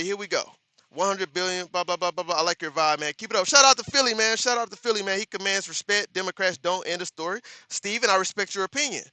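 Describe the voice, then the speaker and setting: A man's voice: high voice, lively intonation, fairly quick, dry recording. A man hosting a live stream, reading viewers' comments aloud and answering them in a casual, direct way, often repeating himself to drive a point home. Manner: talks straight to chat, repeats "understand that", gets loud and firm.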